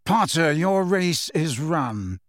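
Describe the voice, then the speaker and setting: A man's voice: a little high, sing-song, measured pace, fairly bright tone, no room sound, clean studio sound. Man doing a drawling, sneering aristocrat. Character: cold, sneering aristocratic male wizard.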